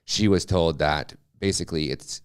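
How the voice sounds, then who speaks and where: A man from the United States, a journalist guest on a podcast, telling a story in a lively way and acting out the quoted dialogue. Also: sits low, moderate pace, smooth. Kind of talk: podcast interview.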